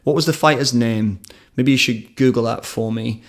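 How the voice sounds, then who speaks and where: A man's voice: mid-range voice, normal speed. A man hosting a live combat sports stream, talking in a chatty, rambling way and telling anecdotes in a studio.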